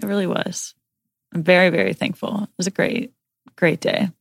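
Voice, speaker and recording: A young woman talking casually on a podcast, her voice low and gravelly with plenty of vocal fry. She rambles happily and fills her sentences with "like." The sound is close and dry. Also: fairly even intonation, normal speed, no room sound. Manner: chatty, rambling, heavy use of "like". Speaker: podcast co-host. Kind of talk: casual chat.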